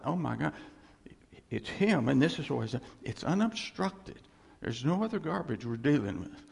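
A man's voice: medium pitch, very animated, normal speed, gravelly, a little mellow, breathy edge, in a large hall. A man preaching a sermon on scripture, emphatic and repetitive, asking the congregation for responses. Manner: emphatic, repeats phrases, calls for audience response.

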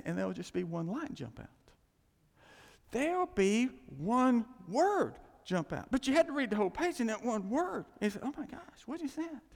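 A man preaching a sermon as pastor, animated, repeating his phrases and acting out quoted thoughts. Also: high voice, creaky. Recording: long hall reverb.

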